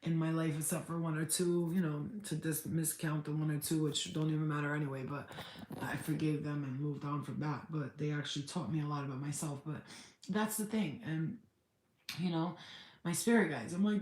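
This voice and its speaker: A woman's voice: deep voice, steady tone, moderate pace, darkish tone, roomy sound. A woman hosting a spiritual livestream, chatting candidly, swearing freely and answering viewer comments. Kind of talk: casual livestream chat.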